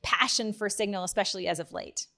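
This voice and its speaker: A woman's voice: medium pitch, fast, bright, forceful tone. A woman hosting a podcast over a video call, chatting casually, laughing easily and asking questions with many fillers. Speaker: podcast host. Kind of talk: casual interview chat.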